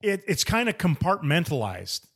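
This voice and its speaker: A man's voice: fairly high pitch, big pitch swings, normal speed, a bit bright, breathy edge. A man co-hosting a sports podcast, chatting casually and playfully with frequent repeated words. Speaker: podcast co-host. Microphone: studio headphones and mic.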